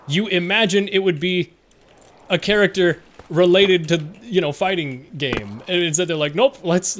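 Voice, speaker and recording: A male streamer giving casual gameplay commentary with a slightly high voice. He rambles in a self-mocking way and laughs often. A faint hiss sits under his talk. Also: fairly bright tone.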